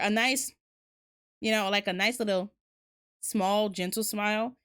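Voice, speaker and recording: A woman's voice: mid-range voice, fairly even intonation, unhurried, fairly bright tone, clean tone. A woman streamer hosting a casual book talk, rambling candidly with lots of fillers and the odd swear word. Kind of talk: casual chat.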